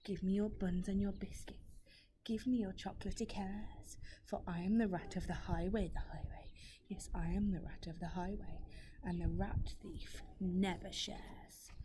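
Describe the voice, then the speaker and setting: A woman, reading a story aloud and giving hushed, half-whispered menace to a greedy male rat who robs travellers. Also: medium pitch, steady tone, unhurried, close to an everyday voice. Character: greedy bullying male highway rat robber.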